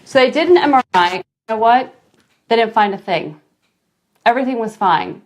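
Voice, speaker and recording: A mother telling a parenting story in a casual vlog, animated and dramatic, with big jumps in pitch. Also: moderate pace. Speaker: mother sharing parenting advice.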